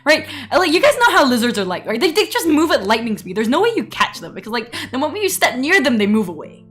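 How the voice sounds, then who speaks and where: Giggly high-voiced woman streamer. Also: quick pace, faint music behind. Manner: giggly, animated storytelling with frequent laughs. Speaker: VTuber streamer. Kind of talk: casual livestream chat.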